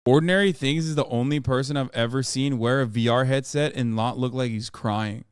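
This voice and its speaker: A man in his thirties giving casual, profane reaction commentary as a streamer, animated and swearing, building into loud excited rants. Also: medium pitch, fairly quick, smooth.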